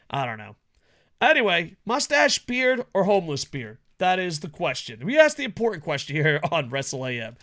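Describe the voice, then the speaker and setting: A man co-hosting a podcast in casual chat, loud and laughing, swearing through fast banter. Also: on the high side, sing-song. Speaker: podcast co-host.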